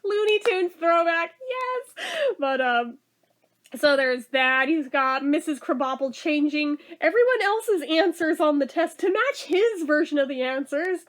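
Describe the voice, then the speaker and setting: Her voice sits high and her pace is a little slow as she chats casually about a TV episode. She laughs a lot and drops "like" into almost every sentence.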